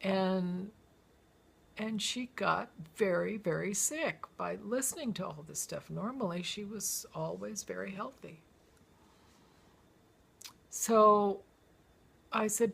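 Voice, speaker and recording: A woman's voice: medium pitch, slow pace, creaky, pauses often, husky. A woman telling a story from her own memoir, acting out the people in it and breaking into song now and then. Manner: lively storytelling, acts out quoted voices and breaks into song. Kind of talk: reading a personal memoir aloud.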